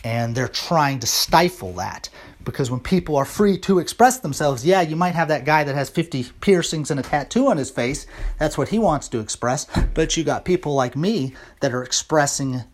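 A man's voice: a little high, animated, moderate pace. An American man in a casual monologue to camera, talking through his opinions in a rambling, opinionated way. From United States. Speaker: vlogger.

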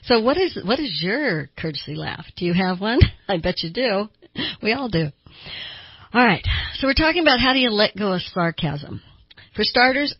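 Husky older woman hosting an advice show. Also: on the low side, no room sound, dull audio. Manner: earnest, asks listeners direct questions. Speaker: radio therapist host.

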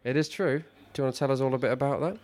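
A man's voice: medium pitch, rapid-fire, darkish tone. A man hosting a podcast, giving dry, wisecracking football play-by-play. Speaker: podcast host and commentator. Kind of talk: comedic football commentary.

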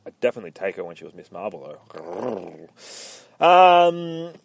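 A man hosting a comic book podcast, recapping an issue in casual, profane play-by-play and dropping into quick voice impressions. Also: on the low side, very animated, gravelly, no room sound.

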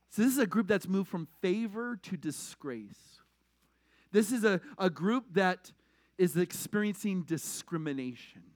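A male pastor preaching a conversational sermon, animated, swinging between loud emphasis and quiet asides. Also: fairly high pitch, dry recording, clean studio sound.

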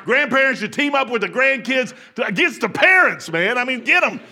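An older pastor preaches in a church, folksy and chuckling at his own stories. His voice sits high and carries a bright, forceful edge, rising to shouts and sinking to near whispers. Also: sing-song, fairly quick, creaky. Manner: folksy, laughing, swings from shouting to hushed. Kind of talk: sermon. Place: church sanctuary.

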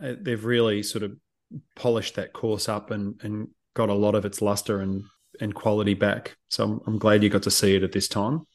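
Low-voiced co-host. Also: male voice, little pitch movement, moderate pace. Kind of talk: casual podcast interview.

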